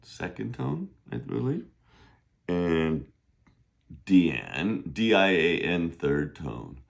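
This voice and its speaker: A man teaching Mandarin in a casual online lesson, joking around, spelling out words and drawing them out slowly for learners to repeat. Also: low-pitched, big pitch swings, creaky. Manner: playful, jokey, sings to himself; slow, drawn-out model pronunciation. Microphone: camera on a desk.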